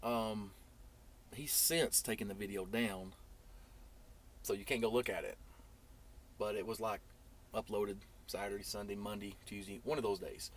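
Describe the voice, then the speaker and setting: A man telling a long story casually in a vlog, rambling, and getting animated when he quotes others. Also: fairly low pitch, normal speed, long pauses. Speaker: trucking YouTuber.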